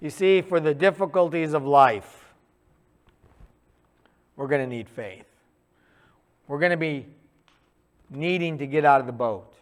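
A man preaching a sermon in a conversational, animated storytelling way, acting out quick asides. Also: on the high side.

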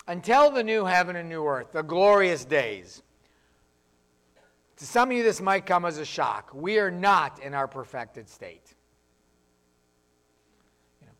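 A man's voice: sits high, fairly bright tone. A man preaching a sermon as pastor, in a plainspoken, conversational way, acting out voices of the people he quotes.

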